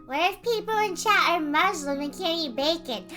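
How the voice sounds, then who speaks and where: A young adult woman streamer chatting casually with her chat in an animated, exasperated way, breaking into laughing outbursts. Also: very high voice, moderate pace, over music.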